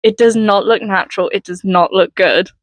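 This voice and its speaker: A woman's voice: mid-range voice, fairly even intonation, moderate pace, no room sound, rough recording. A woman from Wales co-hosting a podcast, chatting casually and playfully, laughing often. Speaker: podcast co-host. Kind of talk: casual chat.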